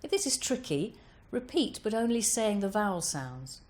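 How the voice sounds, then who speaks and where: A woman voice coach giving calm, careful instructions over vocal exercises. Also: medium pitch, normal speed.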